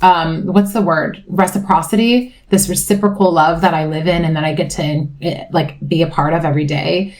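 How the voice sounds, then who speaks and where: A woman's voice: deep voice, fairly even intonation, moderate pace, few pauses, a little mellow. A young adult woman reading tarot in casual chat, rambling with many fillers, emotional and swearing freely. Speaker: tarot reader.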